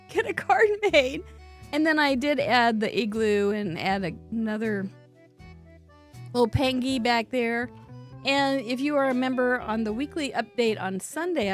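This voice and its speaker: A woman hosting a live cardmaking show, chatting and exclaiming as she shows viewers' cards. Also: on the high side. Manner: chatty, exclaiming, with frequent laughs. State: coughing, throat dry. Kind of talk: casual live-stream chat showing viewer cards.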